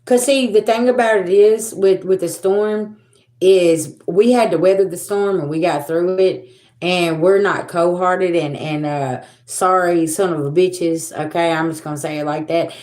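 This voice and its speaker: A woman's voice: on the low side, steady tone, a little slow, a little mellow. Blunt, cursing woman in an echoey room. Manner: blunt, profane, repetitive scolding. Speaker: tarot reader. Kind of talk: livestream spiritual reading.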